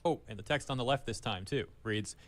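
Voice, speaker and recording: A man's voice reading out online comments in an even, flat delivery. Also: medium pitch, fairly quick, faint music behind, close to an everyday voice.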